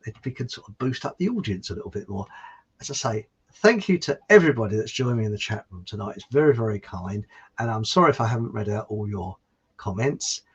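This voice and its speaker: A man's voice: on the low side, lively intonation, quick pace, breathy edge, lo-fi sound. A middle-aged man hosting a livestream. He chats casually and rambles in a self-mocking way. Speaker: livestream host. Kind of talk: casual chat and joke telling. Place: warm indoor room.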